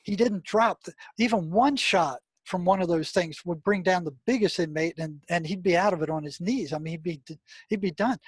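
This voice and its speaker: Brief: older male interview guest, slightly high voice, dry close sound, emphatic with lots of fillers. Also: brisk, breathy edge, no room sound. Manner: emphatic storyteller, many "I mean" and "you know" fillers. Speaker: guest, retired mental health practitioner. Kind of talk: storytelling interview talk.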